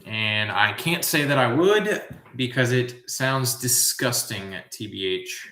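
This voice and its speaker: A man with a mid-range voice hosts a live trivia show, reading the questions at an unhurried, drawn-out pace. He wanders into relaxed musing asides between answers. The sound is roomy and echoey. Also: medium pitch. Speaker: trivia host.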